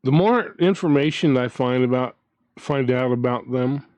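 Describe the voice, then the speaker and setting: A man's voice: mid-range voice, normal speed, darkish tone, no echo. A man hosting his own channel, ranting in a casual, indignant way, with frequent restarts as he talks. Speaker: commentary channel host.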